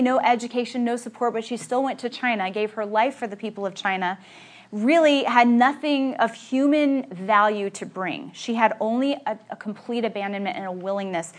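A woman preaching an earnest, emphatic sermon full of rhetorical questions. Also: medium pitch. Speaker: speaker at a Christian gathering.

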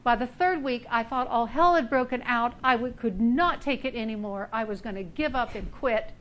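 A woman's voice: a little high, moderate pace, fairly bright tone, a little hiss or hum. A middle-aged woman giving a sermon, emphatic and telling personal stories. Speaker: speaker.

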